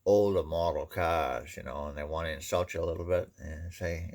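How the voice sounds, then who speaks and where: A man's voice: rumbling low, fairly even intonation, normal speed, hardly any pauses, a little mellow. A man from Maine with a Maine accent, rambling through a casual folksy monologue, full of "you know" and restarts. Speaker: vlogger.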